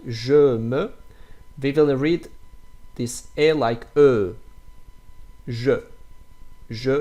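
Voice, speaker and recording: Slow, hesitant man with a French accent. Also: mid-range voice, a little mellow. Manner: slow, repeats example words several times, hesitant English with fillers. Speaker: French teacher. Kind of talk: casual pronunciation lesson.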